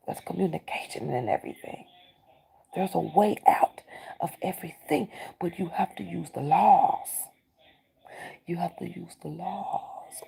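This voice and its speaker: Gravelly, husky woman giving a spiritual card reading. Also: fairly low pitch, dark tone, rough recording. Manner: urgent, preacher-like, often drops into whispers. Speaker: tarot reader.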